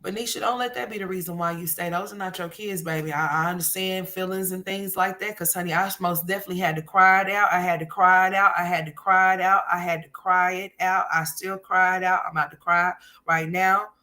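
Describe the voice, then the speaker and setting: A woman's voice: lowish voice, steady tone, brisk, few pauses, bright, forceful tone. A woman hosting casual commentary, candid and emphatic, often calling listeners honey. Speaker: commentary channel host.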